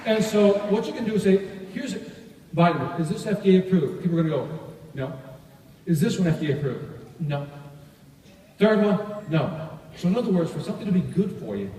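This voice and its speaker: A man giving a live sales training talk to an audience, energetic and often asking them questions. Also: high voice, a little fast, long pauses. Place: large hall. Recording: echoey hall recording from far off.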